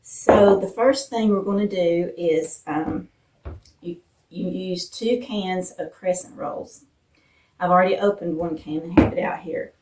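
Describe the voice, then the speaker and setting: A woman from Appalachia hosting a casual cooking vlog in her home kitchen, chatting homey with fillers, her voice a bit rough from morning. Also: lowish voice, unhurried, very noisy. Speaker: vlog host. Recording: roomy echo, distant mic.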